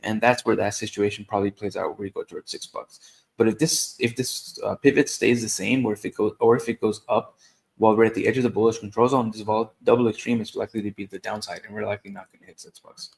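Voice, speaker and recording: A man giving technical market analysis, explaining price levels in a steady, methodical way. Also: lowish voice, fast, vocal fry. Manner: steady explanation, occasional restarts.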